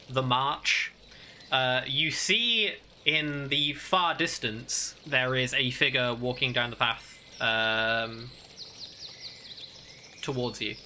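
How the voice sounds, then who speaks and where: A man's voice: mid-range voice, bright, forceful tone, a little hiss or hum. A man narrating a tabletop game as game master, hesitant and full of fillers.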